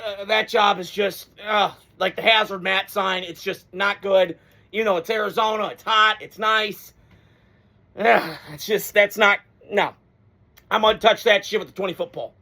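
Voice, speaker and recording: A man giving a casual, excitable football monologue, rambling with profanity and sudden bursts of hype. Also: high voice. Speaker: sports commentator. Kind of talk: casual sports talk monologue.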